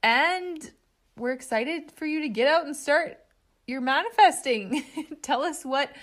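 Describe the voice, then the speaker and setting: Slow, giggly high-voiced woman host. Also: fairly bright tone. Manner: giggly, laughs between phrases. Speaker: podcast host. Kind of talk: casual podcast sign-off.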